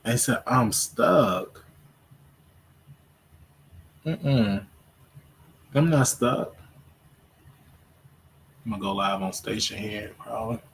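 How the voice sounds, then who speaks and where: A man hosting a casual livestream from home, talking to his viewers in a slow, meandering way with lots of fillers. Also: fairly low pitch, vocal fry, a little hiss or hum. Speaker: livestream host.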